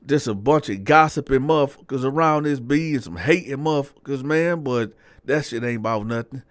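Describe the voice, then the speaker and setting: A man voicing a brash, swaggering older male convict who talks loud and crude and brags about himself. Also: medium pitch, a little fast, dry recording, pitched above the performer's own voice, close to an everyday voice. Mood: boastful.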